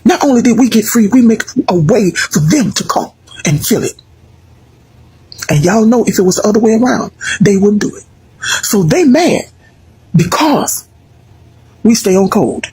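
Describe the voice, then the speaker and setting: An American woman giving animated, emphatic opinion commentary to her viewers, with mocking asides. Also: medium pitch, moderate pace, pauses often, breathy edge. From United States. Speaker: video commentator.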